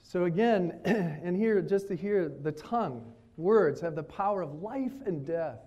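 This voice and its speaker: Male pastor, slightly high-pitched, animated sermon delivery with family anecdotes. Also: a little slow, muffled recording. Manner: storytelling preacher, animated, quotes his kids. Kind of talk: sermon at a retreat. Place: retreat meeting room.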